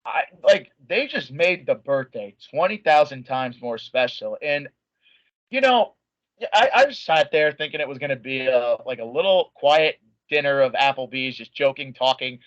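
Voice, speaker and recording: A young man, an interview guest, telling a story in an excitable, animated way with lots of "like" and restarts. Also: medium pitch, moderate pace, no echo. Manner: many filler likes and restarts. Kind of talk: casual storytelling. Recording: dull lo-fi dry sound.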